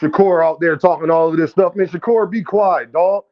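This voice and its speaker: A man's voice: on the high side, moderate pace, highs cut off. A man hosting a boxing livestream in casual commentary, brash and profane, trash-talking viewers and calling out his chat directly.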